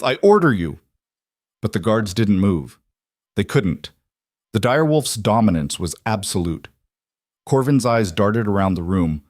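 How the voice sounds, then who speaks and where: A man narrating a scripted fantasy story in a dramatic, steady way. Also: on the low side, dry recording, clean studio sound.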